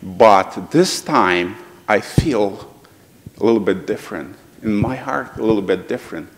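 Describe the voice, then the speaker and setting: A middle-aged man from Ukraine with a Ukrainian accent, speaking earnestly in halting English as a guest speaker in a church. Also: on the low side, lively intonation, long reverb tail, a little hiss or hum. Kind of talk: heartfelt church talk. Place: church sanctuary.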